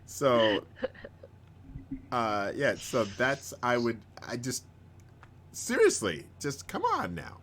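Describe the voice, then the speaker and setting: A man hosting a live stream in casual chat, rambling, chuckling often and bursting into excited outbursts. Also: mid-range voice, slow pace, gravelly, pauses often. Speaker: host of a live-streamed show.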